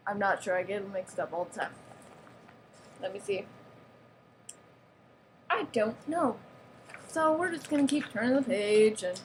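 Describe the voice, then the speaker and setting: A woman's voice: mid-range voice, animated, unhurried, long pauses, slight background noise. A woman giving a playful, mock-serious show-and-tell of a toy, with giggles and sarcastic asides. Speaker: vlogger showing off a toy.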